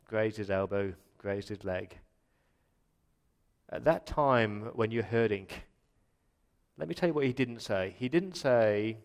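Impassioned Australian pastor preaching. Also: male voice, lowish voice, slow, long pauses. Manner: builds from quiet reflection to loud impassioned pleading. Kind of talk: sermon. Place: church.

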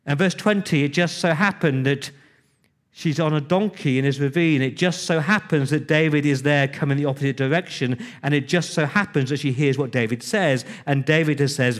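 A man's voice: fairly high pitch, expressive, moderate pace. A man preaching a sermon, retelling scripture conversationally with emphatic repetition.

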